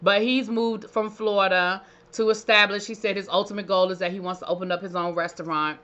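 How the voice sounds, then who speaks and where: A chatty woman recaps a reality show with sass and playful asides. Her voice is bright and forceful. The recording sounds a little dull and lo-fi. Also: medium pitch, steady tone, fairly quick. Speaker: reality TV reviewer. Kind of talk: casual recap commentary.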